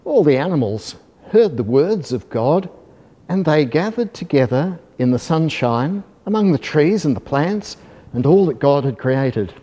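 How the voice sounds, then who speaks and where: A man reads a children's storybook aloud in a soft, gentle and measured voice. His tone is mellow and dark, and a long hall reverb trails after each phrase. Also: a little high, very animated, breathy edge.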